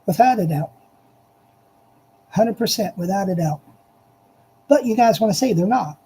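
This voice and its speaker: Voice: mid-range voice, expressive, moderate pace, creaky, warm tone, a little hiss or hum, rough recording. A speaker giving an impassioned, repetitive monologue, addressing listeners directly and hammering each point with emphasis. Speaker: political commentator.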